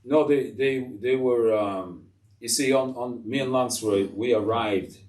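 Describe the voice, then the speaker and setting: A man's voice: mid-range voice, unhurried. A man in his sixties, a retired teacher being interviewed, telling stories bluntly and acting out the people in them. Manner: blunt, animated, acts out quoted people. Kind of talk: casual interview storytelling. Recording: roomy, mic at a distance.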